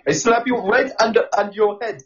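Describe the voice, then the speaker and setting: A man's voice: sits high, brisk, natural voice. A man voicing a rambling, boastful male corner-store owner who talks in broken English. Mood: boasting. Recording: slightly muffled lo-fi audio.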